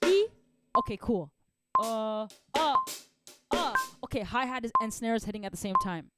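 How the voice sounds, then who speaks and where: Cheerful drum teacher lady, kinda high voice, counting beats, drums blasting behind her. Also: expressive, normal speed, over loud music. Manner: upbeat, encouraging, counts out loud. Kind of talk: live online drum lesson. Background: drumming.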